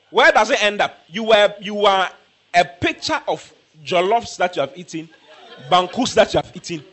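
A man preaching a sermon, emphatic and repetitive, breaking into shouts. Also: high-pitched, lively intonation, moderate pace.

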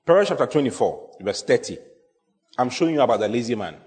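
A pastor preaching a sermon, emphatic and repetitive, often quizzing the congregation. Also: male voice, mid-range voice, big pitch swings, fast talker, a little mellow. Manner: emphatic, repeats key phrases, asks the congregation questions. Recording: long hall reverb.

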